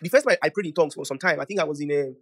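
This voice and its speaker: A young man preaching a sermon, emphatic and animated, swinging from loud declarations to soft asides. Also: a little high, racing. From Nigeria.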